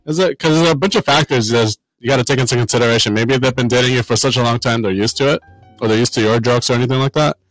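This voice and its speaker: A man's voice: medium pitch, fast talker, no echo, soft background music, poor audio. A man in a casual group chat, speaking bluntly and swearing freely.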